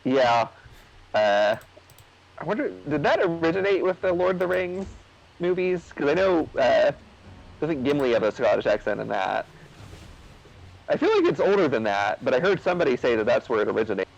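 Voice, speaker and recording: A man's voice: on the high side, big pitch swings, moderate pace, gravelly, pauses often, lo-fi sound. A man chatting casually over gameplay, rambling with lots of fillers and restarts. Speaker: co-host of a gaming video.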